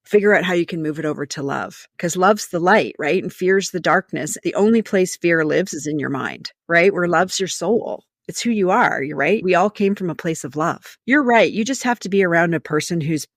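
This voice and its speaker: A woman's voice: lowish voice, lively intonation, moderate pace, few pauses, no room sound, studio quality. A woman leadership coach, a guest on a podcast, giving advice in an emphatic, story-driven way. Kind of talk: conversational podcast interview.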